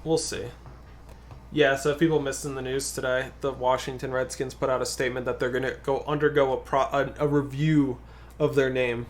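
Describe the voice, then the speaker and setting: A man's voice: mid-range voice, flat delivery, fairly quick, a little hiss or hum. A man, a guest co-player, chatting casually and thinking aloud while commenting on a card game.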